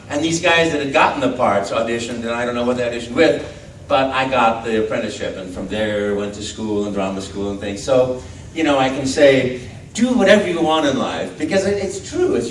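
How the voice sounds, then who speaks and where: A man telling stories to a convention audience, acting out voices, recorded from the crowd on a phone. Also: medium pitch. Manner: animated, acts out voices in his stories. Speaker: convention panel guest. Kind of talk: storytelling to a live audience. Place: convention panel room. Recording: distant echoey phone recording with faint noise.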